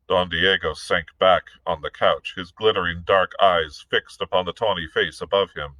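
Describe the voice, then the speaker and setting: A male librarian reads a classic adventure novel aloud, narrating at a steady pace. His voice is fairly low but bright and forceful. The sound is close and dry. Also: moderate pace, few pauses, no room sound, rough recording. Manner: steady narration with occasional small slips. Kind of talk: read-aloud storytelling.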